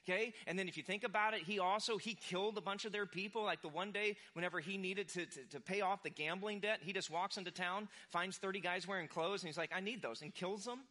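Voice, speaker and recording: Young male pastor, bright and forceful sermon voice, casual storyteller. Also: high voice, fast, hardly any pauses. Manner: animated, acts out quoted voices.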